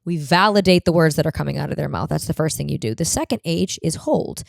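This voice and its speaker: A woman with a deep, raspy voice rambles through comic stories as a podcast host. She talks casually and bluntly, with plenty of swearing. Her voice sounds close and dry, with no room around it. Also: fast talker, dry recording. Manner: blunt, profane, rambling storyteller. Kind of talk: casual comedic monologue.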